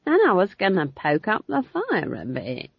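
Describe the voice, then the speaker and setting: A woman's voice: lowish voice, huge pitch swings, moderate pace, gravelly, husky, no echo, pitched above the performer's own voice, exaggerated voice. A woman voicing an earthy older witch who talks in a homely, colloquial, innocent-sounding way. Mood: chatty. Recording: dull lo-fi dry recording.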